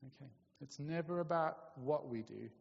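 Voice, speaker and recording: A man's voice: on the high side, moderate pace, creaky. A man preaching a sermon in a conversational way, often checking in with his listeners. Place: church hall. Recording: lo-fi, echoey hall.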